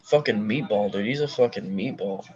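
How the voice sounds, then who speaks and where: A man's voice: lowish voice, moderate pace, a little mellow. A man chiming in with brief, casual remarks during a fight-watching chat. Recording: dull lo-fi mic with faint background noise.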